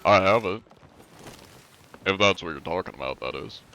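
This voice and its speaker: A man's voice: low-pitched, lively intonation, moderate pace, gravelly, sharp tone, clean tone. A man chatting casually and joking around while streaming a game. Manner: joking, playful, talks while playing. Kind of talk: casual live-stream chat with role-play.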